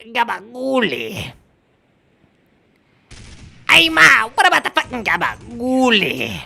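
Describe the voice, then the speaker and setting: A man voicing a loud, gremlin-like Italian-American guy yelling for food in a shrieking nasal voice. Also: extremely high pitch, wildly swooping pitch, takes it slowly, gravelly, pitched above the performer's own voice, exaggerated voice.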